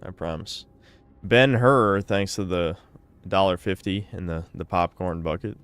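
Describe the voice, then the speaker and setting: Sardonic low-voiced male streamer. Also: unhurried, fairly bright tone, clear, resonant tone, dry recording. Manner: sardonic and profane. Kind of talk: live stream chat reading donations.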